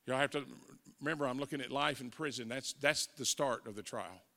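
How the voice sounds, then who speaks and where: A man's voice: medium pitch, a little fast, sharp tone. A man in his forties with a Southern accent, preaching his testimony as an evangelist and acting out the voices in his story. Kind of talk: testimony sermon. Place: church sanctuary. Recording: reverberant church hall.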